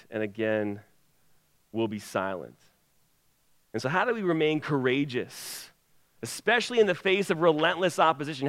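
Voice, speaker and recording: A man preaches a sermon with emphatic delivery that rises and falls, his voice on the high side and a bit bright. The recording carries long hall reverb.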